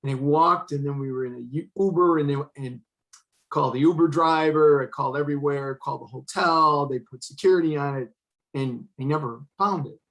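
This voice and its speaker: Older guy with a gravelly voice, acts out the lines he quotes, earnest storytelling. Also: fairly high pitch, brisk, fairly bright tone, rough recording. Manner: earnest, retells scenes with quoted dialogue. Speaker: retired fire chief, guest. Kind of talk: emotional storytelling in conversation.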